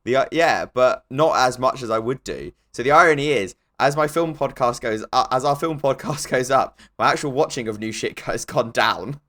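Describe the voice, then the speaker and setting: A man co-hosting a comedy podcast, rambling and hedging as his voice trails off quieter. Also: mid-range voice, moderate pace, hardly any pauses. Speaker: podcast co-host. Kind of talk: casual comedic chat.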